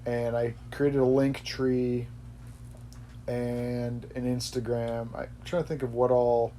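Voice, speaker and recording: A man's voice: medium pitch, flat delivery, slow pace, mellow, slight background noise. A man hosting a podcast, chatting casually in a rambling way that often corrects itself. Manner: rambling, self-correcting, laughs easily. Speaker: podcast host. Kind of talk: casual chat.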